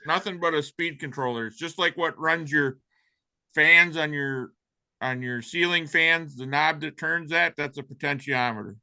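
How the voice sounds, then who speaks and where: Man, matter-of-fact explainer, bright dry voice. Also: a little high, moderate pace, gravelly, no room sound. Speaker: meeting participant. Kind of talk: casual technical explanation.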